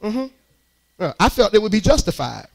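Man, preacher, high voice, animated call-and-response sermon, church. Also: moderate pace, vocal fry. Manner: rises into shouted, strained peaks.

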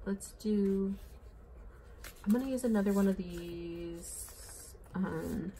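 A woman's voice: medium pitch, slow pace, dark tone, a little hiss or hum. A young woman chatting casually while she fills in her planner, rambling and bubbly, saying "like" and "oh my gosh" often. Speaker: planner vlogger. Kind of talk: casual chatty plan-with-me vlog.

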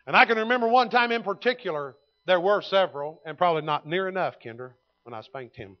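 A man, preaching a sermon in a folksy storytelling way that swings from loud to hushed. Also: high voice, lively intonation, fast talker, dull audio. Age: 50s. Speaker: pastor. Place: church sanctuary.

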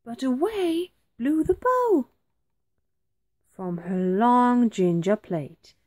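A woman reading a rhyming picture book aloud, like a teacher, in a very expressive and clearly phrased way. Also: on the high side, extremely slow. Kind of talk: storybook read-aloud.

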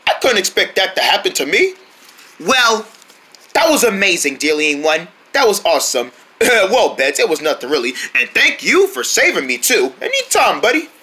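These are eager young deer friends in a homemade cartoon, all voiced by one performer. The voices swing wildly up and down in pitch and stay bright and sharp. The performer hops between several playful characters. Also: wildly swooping pitch, moderate pace. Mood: cheerful.

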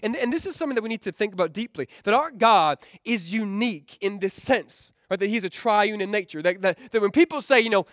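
Male pastor, high voice, dry close sound; relaxed conversational sermon with restarts and light humor. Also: fairly quick, hardly any pauses, no room sound. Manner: conversational, often stumbles and repeats words; keeps checking in with the crowd with "right?". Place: rented event hall used for church.

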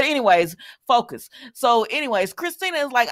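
A woman, recapping a soap opera episode in casual, animated chat that talks straight to listeners and laughs often. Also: mid-range voice, moderate pace.

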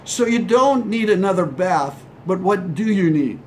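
A man with a rather high voice gives a short devotional sermon. He preaches in a conversational way and sometimes acts out imagined replies. A faint low rumble sits behind him. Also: lively intonation, measured pace, few pauses. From Hawaii. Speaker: pastor.

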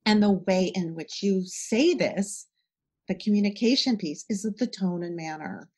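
A woman's voice: medium pitch, measured pace. A middle-aged woman, a parenting educator, talking in a casual podcast interview and acting out little conversations with her kids as examples. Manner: animated, talks through examples with acted-out dialogue.

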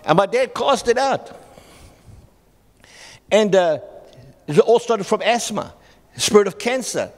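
A man in middle age delivers a sermon from the pulpit in a fairly high voice. He tells stories with stumbles and restarts and acts out the people in them. His voice trails off into the long reverb of a church hall. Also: lively intonation, slow, long pauses. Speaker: pastor.

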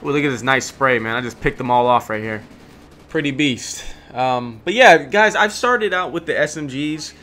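A young man giving relaxed, chatty gameplay commentary, full of ums and self-corrections. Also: mid-range voice, normal speed.

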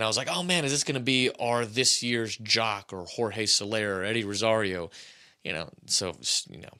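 A man in his thirties riffs through a casual sports podcast monologue, rambling and jokey. His voice is bright and forceful, and it swings up and down as he gets worked up. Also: fairly low pitch. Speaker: podcast host.

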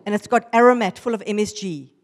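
A woman giving a lively testimony sermon to a women's church gathering, acting out the voices in her stories. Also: medium pitch, fast talker, in a large hall. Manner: animated storytelling, acting out voices. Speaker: women's ministry speaker. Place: church hall.

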